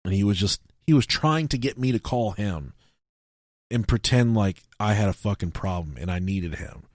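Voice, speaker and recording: Animated swearing young man. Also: lowish voice, moderate pace, no room sound, clean studio sound. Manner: animated storyteller, swears a lot, shouts when acting out scenes. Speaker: podcast co-host. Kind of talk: casual podcast chat, reading and telling stories.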